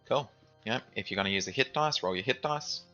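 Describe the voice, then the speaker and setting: A man acting as dungeon master, running an online tabletop game with relaxed, steady narration and frequent rules checks. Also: fairly low pitch, brisk, highs cut off, soft background music.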